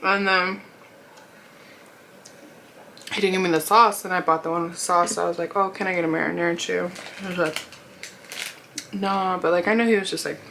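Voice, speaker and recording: A woman's voice: fairly low pitch, creaky, bright, forceful tone, a little hiss or hum, low-quality recording. A young woman vlogger casually telling a rambling story while eating, laughing often and acting out what people said. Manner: chatty, rambling, lots of "like" and quoted dialogue. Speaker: mukbang vlogger.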